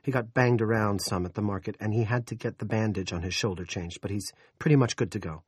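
A man voicing a frazzled middle-aged male police chief who talks out of breath, rapid and worried. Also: fairly low pitch, slightly rough, no echo, studio quality. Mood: harried.

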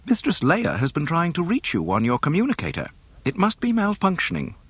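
A fussy male protocol robot speaks in a high, careful voice. Every word comes out prim and exact. The sound is close and dry. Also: wildly swooping pitch, fairly quick, breathy edge, no echo, exaggerated voice.

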